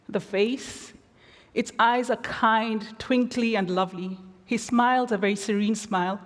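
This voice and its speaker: A woman giving a lecture as reflective storytelling, measured with wry asides, in a large theatre. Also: medium pitch. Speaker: guest lecturer. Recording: long theatre reverb.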